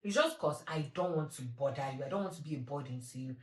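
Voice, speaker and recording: A woman's voice: low voice, lively intonation, fast. A young woman hosting a solo podcast, talking candidly and animatedly about herself with self-mocking humor. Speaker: podcast host. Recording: roomy echo.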